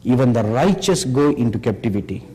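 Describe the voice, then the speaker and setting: A man preaching a sermon slowly and emphatically, pressing the audience with rhetorical questions. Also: medium pitch, lively intonation, warm tone. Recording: long hall reverb.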